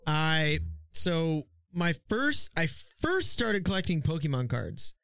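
A man's voice: on the high side, very animated, slow, creaky, a bit bright, smooth, no room sound. A man co-hosting a podcast, chatting in a laid-back, profane way about his childhood hobbies. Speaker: podcast co-host. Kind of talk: casual chat.

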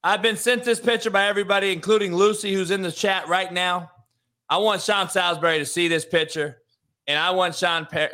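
A man's voice: fairly high pitch, pushed and bright. A man co-hosting a show, blunt and profane, teasing his guest. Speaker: streaming show host. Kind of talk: casual podcast banter.

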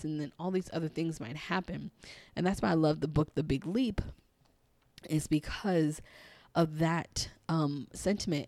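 A woman with a raspy, hoarse voice, hosting a reflective solo podcast as a spiritual coach, earnest and encouraging, thinking aloud with frequent ums and restarts. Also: sits low, a little mellow, no room sound. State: hoarse, partly lost voice.

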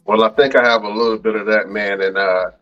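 A man's voice: on the low side, steady tone, a little fast, fairly bright tone, recorded from a distance, dull audio, faint music behind. A man hosting a podcast, talking in a loose, casual way. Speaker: podcast host.

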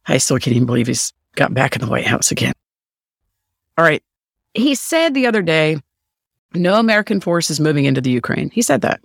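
Middle-aged guy ranting on his podcast, swears a lot, gravelly, dry room sound. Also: fairly high pitch, fairly bright tone, dry recording. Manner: profane, sarcastic, ranting. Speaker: podcast host. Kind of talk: solo opinion rant.

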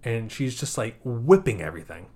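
Fields: Man, casual podcast co-host, animated retelling. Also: mid-range voice, normal speed. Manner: animated retelling with acted-out quotes and laughter. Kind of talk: casual movie review chat.

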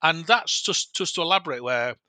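A man tells a personal story in a loose, rambling way, stopping and restarting often. He acts out the dialogue as he goes. His voice is very bright and sharp, recorded dry and close to the mic. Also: a little high, fairly quick, no echo. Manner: rambling, many restarts and self-corrections; animated retelling with quoted dialogue. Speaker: guest. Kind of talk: casual storytelling.

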